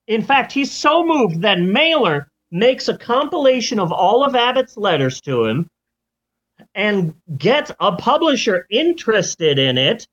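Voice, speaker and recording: A man's voice: high voice, sing-song, takes it slowly, a bit bright. A man hosting a podcast, telling a story in a playful, jokey way. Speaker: podcast host. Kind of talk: comedic storytelling. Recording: lo-fi recording.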